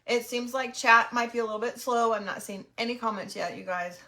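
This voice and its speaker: A woman's voice: a little high, brisk, pushed and bright, slight background noise. A middle-aged woman hosting a craft livestream, chatting casually and greeting viewers while snacking. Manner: chatty and friendly, talks while eating.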